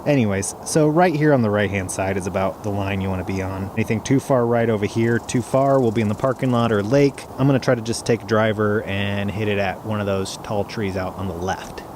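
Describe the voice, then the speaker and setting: A man's voice: on the low side, fairly quick, hardly any pauses, noisy background. A man vlogging as he plays a round of golf outdoors in the cold, slightly out of breath and self-deprecating. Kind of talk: casual talk to camera while golfing.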